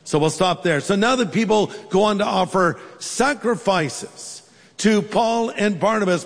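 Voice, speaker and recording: High-voiced preacher in a reverberant hall. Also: male voice, a little slow. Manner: storytelling, humorous asides. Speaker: pastor. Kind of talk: sermon.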